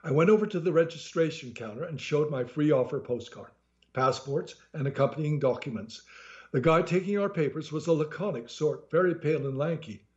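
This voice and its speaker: A man's voice: on the high side, a little fast, muffled recording. Man reading his sardonic memoir aloud. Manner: sardonic storytelling. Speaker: author reading his own book.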